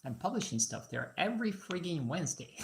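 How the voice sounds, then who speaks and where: A woman's voice: fairly low pitch, very animated, brisk, vocal fry, a little hiss or hum. A woman from Moscow with no foreign accent, chatting and joking with viewers during a casual live stream from her garage. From Russia (Moscow). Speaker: live-stream host, musician and painter.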